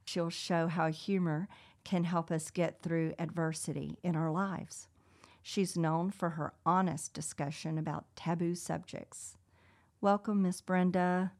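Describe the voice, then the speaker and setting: Woman co-host, low-ish voice, easy laugh, scripted introduction. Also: fairly even intonation, unhurried. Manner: warm, laughs easily, reads introductions. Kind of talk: radio show interview.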